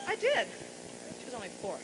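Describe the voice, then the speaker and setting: A woman with a high, brassy voice works through bawdy stage jokes, salty and mock-forgetful as she goes. She is recorded live in a large, boomy venue. Loud audience noise sits under her the whole time. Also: huge pitch swings, a little fast. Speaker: stand-up comedian and singer.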